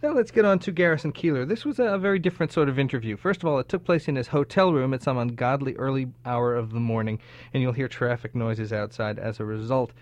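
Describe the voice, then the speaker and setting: A man's voice: mid-range voice, fast, no echo. A man hosting a radio program, introducing interviews and talking in a conversational way. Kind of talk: radio host narration and interviewing.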